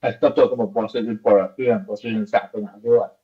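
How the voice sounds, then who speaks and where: Insistent caller on a dull line. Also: male voice, fairly low pitch, steady tone, fast. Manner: insistent, blunt. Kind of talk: phone-in complaint.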